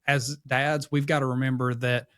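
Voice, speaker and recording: A man's voice: mid-range voice, level tone, normal speed, a bit bright, no echo, clean studio sound. A man co-hosting a church podcast, speaking reflectively about fatherhood in a casual conversation. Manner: reflective, supportive interjections. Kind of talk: casual faith discussion.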